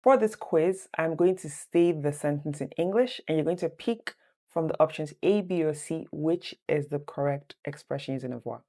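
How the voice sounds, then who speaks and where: A woman teaching French phrases in an online lesson, repeating each phrase slowly and adding chatty asides. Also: sits low, mellow.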